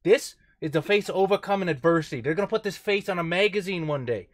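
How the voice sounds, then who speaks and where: A man plays a tabletop game, trading brash, wisecracking lines in character. His voice sits slightly high for a man. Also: fast talker. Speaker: player.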